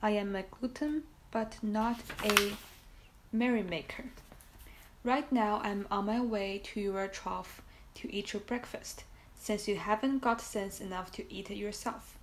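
A woman's voice: mid-range voice, a little slow, slight background noise, lightly acted. A crafty, greedy rat sneers in a storybook reading, voiced by a woman. He talks sourly and scornfully, clipped and self-satisfied. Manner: sour, scornful.

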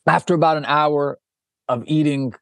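His voice is fairly high-pitched and gravelly, at a normal speed, recorded studio-quality with no echo. As an interview guest, this documentary director animatedly tells a story, acting out people's lines and frequently restarting.

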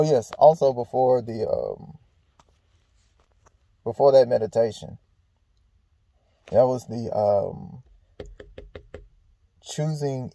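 Gravelly, dark-voiced man musing casually. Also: medium pitch, dry recording, low-quality recording. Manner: laid-back, candid, swears freely, rambling restarts. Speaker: vlog host. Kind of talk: casual reflective monologue. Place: outdoors in a park.

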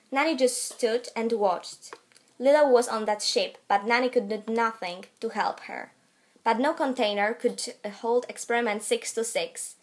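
A teenage girl reads a storybook aloud. Her voice sits a little high and she reads steadily and carefully. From Poland. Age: late teens. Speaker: narrator. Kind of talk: student audiobook narration.

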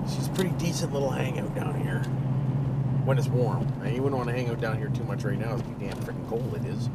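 A man's voice: mid-range voice, fast talker. An older man with an Ontario Canadian accent, chatting while he drives and joking crudely with catchphrases he repeats. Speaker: vlogger. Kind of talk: casual vlog chat while driving. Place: inside a car while driving. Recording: distant mic with loud car noise.

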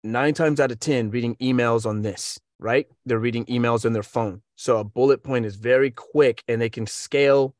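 A man's voice: mid-range voice, normal speed, hardly any pauses, dry recording, studio quality. An American man coaching on voiceover work, giving casual advice with energy and playful sound effects. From United States.

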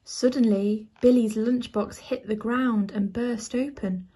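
A woman reading a children's picture book aloud as a bedtime story, soft and measured. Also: on the high side, fairly even intonation, breathy edge.

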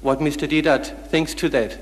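A man's voice: fairly high pitch, fairly even intonation, normal speed. A man from the audience, polite but persistent, asking to pose a full question. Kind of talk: pleading then reading scripture. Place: lecture hall. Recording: echoey hall.

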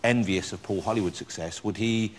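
A man hosting a chat show, playful, teasing and animated with his guest. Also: fairly low pitch, brisk, a little hiss or hum. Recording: loud studio audience.

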